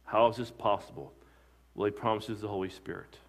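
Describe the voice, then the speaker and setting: A man's voice: on the low side, steady tone, fairly quick. A man, a pastor, preaching a sermon with emphatic delivery, asking his listeners questions and answering them. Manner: emphatic preaching with rising and falling loudness, asks the congregation questions.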